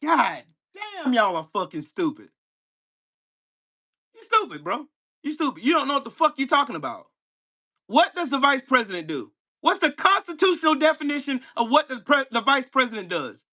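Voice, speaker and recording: Guy going off on a political rant, cussing, yelling at a commenter, voice swinging all over, sharp edge. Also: very high-pitched, sing-song, moderate pace. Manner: heated, profane, mocking, bursts into shouting; fires rhetorical questions at a commenter. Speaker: channel host. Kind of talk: angry political rant to camera.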